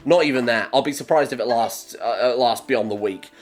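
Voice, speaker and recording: A man's voice: medium pitch, fairly quick, faint music behind. A young man co-hosting a casual chat, dry and blunt, teasing his co-host.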